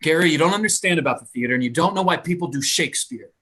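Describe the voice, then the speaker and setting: A man's voice: on the high side, animated, rapid-fire, pushed and bright. An actor playing an earnest, indignant male TV actor in a live play reading over a video call. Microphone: home computer mic on a video call.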